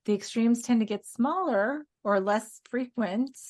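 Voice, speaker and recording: A woman's voice: fairly high pitch, a little slow, darkish tone. A woman co-hosting a casual spiritual podcast, telling stories in an earnest way and laughing now and then. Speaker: podcast co-host.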